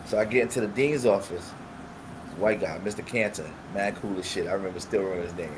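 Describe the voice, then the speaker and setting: A man's voice: low voice, fast talker, background noise. A man, telling stories in casual chat and acting out the people in them, with heavy street slang. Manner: animated storyteller acting out quoted voices, heavy street slang. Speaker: podcast co-host.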